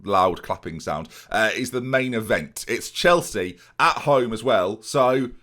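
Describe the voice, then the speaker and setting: A young man talking over his football management game with a jokey, self-mocking humour. His pitch moves around a lot, and he jumps into excited commentary when something goes his way. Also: a little slow. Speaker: gaming YouTuber. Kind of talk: casual Football Manager let's play commentary.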